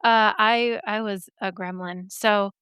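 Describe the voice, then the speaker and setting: A woman's voice: medium pitch, steady tone, takes it slowly, a bit bright, clear, resonant tone, no echo, studio quality. A young woman hosting a podcast, chatting casually in a gushing way that swears freely, her voice a little scratchy today. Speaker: podcast host. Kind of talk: casual chat.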